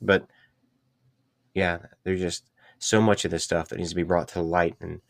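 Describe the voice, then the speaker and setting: A man co-hosting a podcast in casual, jokey chat, often halting mid-sentence. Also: sits low, fairly even intonation, gravelly, no echo, clean studio sound. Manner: jokey, laughs easily, halting. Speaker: podcast co-host.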